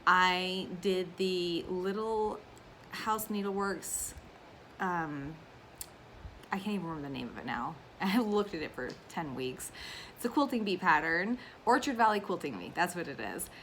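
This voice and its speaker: A woman's voice: fairly low pitch, expressive, unhurried, fairly bright tone, a little hiss or hum. Chatty, emotional woman vlogger. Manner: chatty and emotional, with frequent fillers. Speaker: cross-stitch vlogger. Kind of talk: casual chat to camera.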